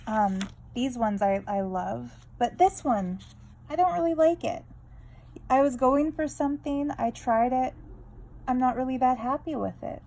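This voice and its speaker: A woman's voice: fairly high pitch, measured pace, warm tone, rough recording. A woman vlogging about her art, chatting in a rambling, candid way full of tangents while she draws. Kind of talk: casual draw-along chat.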